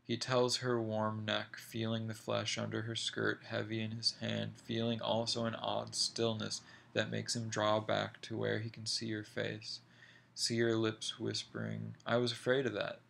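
A man reading a short story aloud in a slow, deliberate, measured way. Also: fairly low pitch, monotone, vocal fry, fairly bright tone, a little hiss or hum. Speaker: reader.

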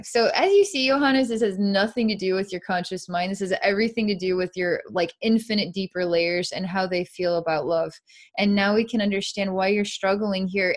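A woman psychic narrating a live energy-healing session in an earnest, meandering way, describing what she sees as it happens. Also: mid-range voice.

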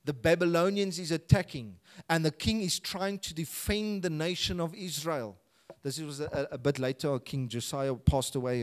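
A man's voice: a little high, a little mellow. A man preaching a sermon with a South African accent, reading scripture aloud with rising passion. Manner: impassioned, voices scripture with rising intensity. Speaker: pastor.

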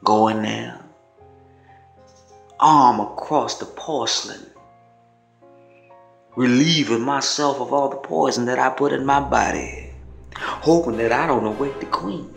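A man performing his own spoken word poetry in a measured, dramatic first-person delivery. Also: mid-range voice, creaky. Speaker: poet. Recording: roomy echo. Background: faint music.

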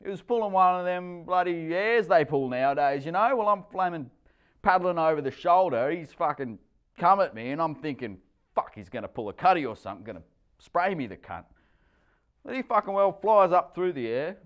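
A man doing a crude, excitable Australian tradie. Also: fairly high pitch, moderate pace, clear, resonant tone, muffled recording, pitched above the performer's own voice, natural voice. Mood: excited, crude. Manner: crude, rambling, excitable storytelling. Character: coarse, swearing male surfer tradie, middle-aged.

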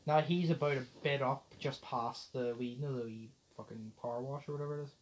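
A man's voice: mid-range voice, a little fast, slight background noise. A young man hosting a podcast, telling a story in casual chat and acting out the dialogue, swearing and laughing as he goes. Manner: animated retelling, acts out the dialogue. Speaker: podcast host.

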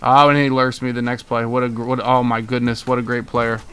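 A man's voice: mid-range voice, little pitch movement, brisk, a bit bright. A young man streaming a football video game, giving hyped, trash-talking live commentary to his chat and repeating himself as he plays. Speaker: gaming streamer.

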